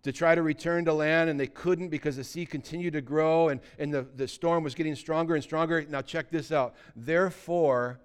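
A man delivering a sermon, retelling a scripture story in a casual, animated way. His voice is smooth and resonant, pitched a little high for a man. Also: normal speed, hardly any pauses. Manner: animated storytelling, acting out quotes. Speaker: pastor.

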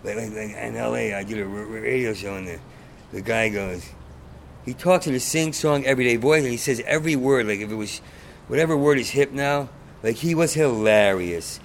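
Brief: a man as a stand-up comic guest, gravelly, stutters, swears freely, faint hiss behind. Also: mid-range voice, fairly quick. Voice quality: stutter, repeats sounds. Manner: blunt, profane, rambling. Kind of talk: casual conversation.

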